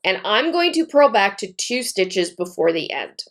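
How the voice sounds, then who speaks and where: A woman's voice: medium pitch, sing-song, a little slow. A woman teaching a knitting technique step by step, talking while she works and repeating key points methodically. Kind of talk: step-by-step tutorial demonstration.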